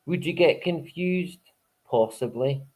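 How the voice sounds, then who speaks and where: A man's voice: fairly high pitch, expressive, slow pace, a little mellow. Rambling, cursing male live-stream host. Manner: rambling, swears freely, chuckles often. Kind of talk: casual live-stream chat.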